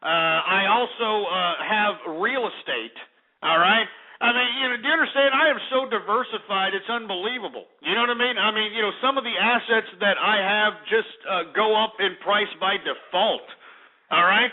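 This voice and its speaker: Man, radio host, brash insulting rants, high-pitched voice, tinny narrow sound. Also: moderate pace. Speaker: radio talk show host. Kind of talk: call-in radio rant. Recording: narrow phone-like radio audio.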